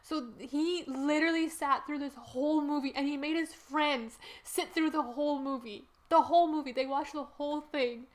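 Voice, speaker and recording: A woman's voice: high voice, steady tone, moderate pace, few pauses. A woman co-hosting a podcast, telling a story in casual chat, rambling with many fillers and breaking into laughter. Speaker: podcast co-host.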